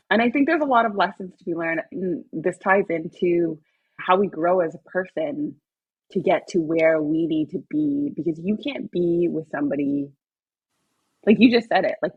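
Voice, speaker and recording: Woman podcast host, husky and excitable, replays her own reactions in her stories; mid pitch, dry mic. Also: no room sound, narrow, tinny audio. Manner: excitable, acts out her own past words. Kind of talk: casual podcast conversation.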